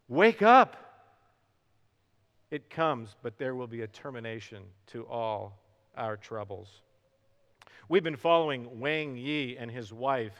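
Preaching man in a reverberant hall. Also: on the high side. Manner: dramatic swings from hushed to loud with slow emphatic words. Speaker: pastor. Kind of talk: sermon.

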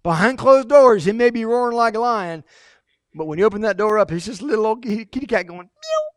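A pastor delivers a sermon with lively, dramatic storytelling. His voice sits high for a man. The recording is dry and close, with no room echo. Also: fast. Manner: animated and emphatic, dramatic storytelling.

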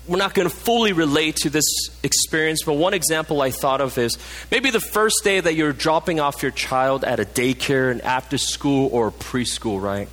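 A man delivers a passionate sermon in a church, his voice sitting on the higher side for a man. He sinks low and quiet to stress key points. A long hall reverb trails each phrase. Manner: passionate, drops low and soft for emphasis. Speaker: pastor.

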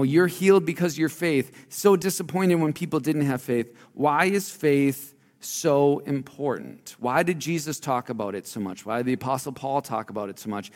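A pastor giving a conversational sermon, shifting between loud emphasis and quiet, low asides. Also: male voice, in a large hall.

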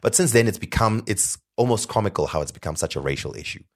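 A man with a very low, deep voice co-hosts a casual podcast. He is from Zimbabwe and talks in a playful, animated way, slipping into mock-pompous announcements. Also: quick pace. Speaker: podcast co-host.

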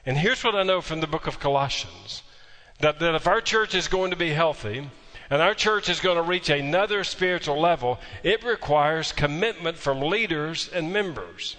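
A man's voice: a little high, expressive, normal speed, pushed and bright. A male pastor delivers a sermon. He tells a story with a dry, folksy humor and drives his points home with emphatic repetition. His voice carries a long reverb from a large sanctuary.

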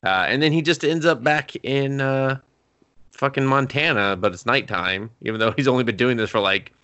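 A man in casual chat about a movie, joking and swearing in quick banter. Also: medium pitch, sharp tone, smooth, no echo. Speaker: podcast co-host.

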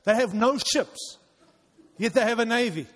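A male pastor preaching a sermon to his church, urging loudly at times and dropping to quiet intensity at others. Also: extremely high pitch, measured pace. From outside the United States. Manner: impassioned, swings between loud urging and quiet intensity. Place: church hall. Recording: long reverb of a large hall.

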